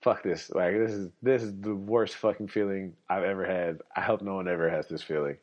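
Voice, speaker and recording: A young man with a very low voice rants bluntly in a casual podcast monologue, swearing often and dripping with sarcasm. The recording sounds dull and lo-fi. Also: fairly even intonation, a little fast, darkish tone. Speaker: podcast host.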